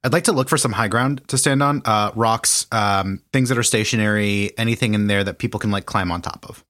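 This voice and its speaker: A man's voice: fairly low pitch, a little fast, a bit bright. A man playing a tabletop game who jokes around and plays innocent with the others at the table. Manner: joking, playfully mock-innocent. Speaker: player.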